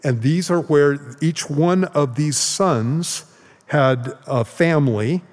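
A man's voice: a little high, takes it slowly, a little mellow. A male pastor teaching the Bible in a casual, conversational way, often checking in with "okay?" as he goes. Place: church sanctuary. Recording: long hall reverb.

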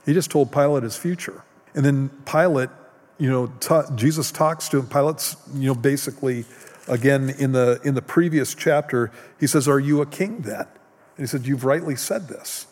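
Slow earnest preacher in a reverberant hall. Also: male voice, mid-range voice, darkish tone. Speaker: pastor. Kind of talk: sermon.

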